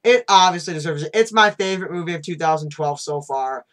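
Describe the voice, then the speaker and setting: A man's voice: on the high side, quick pace, fairly bright tone. A man hosting a casual movie review, talking in a rambling way and restarting his sentences. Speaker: channel host, movie reviewer.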